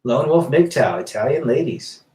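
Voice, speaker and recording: A man's voice: mid-range voice, expressive, a little slow, a little mellow, reverberant, far from the mic. A man hosting a casual live stream, reading viewer comments aloud and answering in a rambling, blunt way with many restarts.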